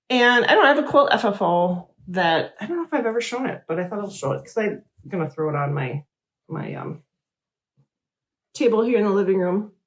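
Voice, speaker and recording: Middle-aged woman rambling chattily about her crafts, voice a bit on the low side. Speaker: host. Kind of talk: casual chat.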